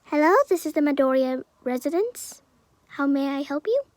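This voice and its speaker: A woman voicing a frantic, grieving mother who pleads in a voice that rises high. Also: lively intonation, moderate pace, darkish tone, no echo. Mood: polite.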